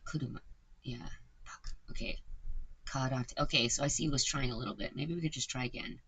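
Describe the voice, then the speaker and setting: A woman's voice: rumbling low, steady tone, brisk, a bit bright, husky. A young adult woman chatting casually, rambling and swearing a lot with many fillers. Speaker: content creator. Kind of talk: casual chat.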